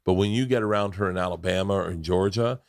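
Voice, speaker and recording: A man's voice: deep voice, fast talker, creaky, no room sound. A man from Florida in casual podcast chat, rambling and crude, close on a studio mic. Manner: rambling, crude, jumps into impressions.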